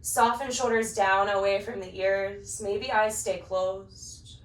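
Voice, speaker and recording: A woman instructor gently cueing poses in time with the breath during a guided yoga class, slightly out of breath as she moves along. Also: mid-range voice, slow pace. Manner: calm, gentle cues paced to the breath. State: a little out of breath while practicing along. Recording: roomy, picked up from a distance.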